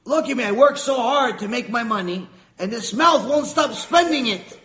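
A man doing a shouting stingy rich man. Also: very high-pitched, animated, normal speed, voice pushed up. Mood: aggrieved. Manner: shouting, indignant complaining. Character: stingy rich man ranting at his own mouth.

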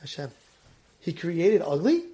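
A man teaching a Torah lesson, telling a story with much feeling and acting out its voices, swinging from loud calls to hushed lines. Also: fairly high pitch, sing-song, a little slow. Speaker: rabbi.

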